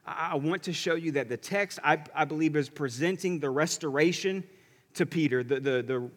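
A male pastor preaching a sermon in a church, telling the story in an animated way and swinging between loud and hushed delivery. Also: a little high. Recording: long hall reverb.

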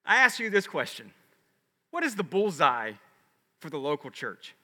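A male pastor delivering an animated, emphatic sermon full of rhetorical questions in a large church with a balcony. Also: a little high, moderate pace. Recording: echoey sanctuary reverb.

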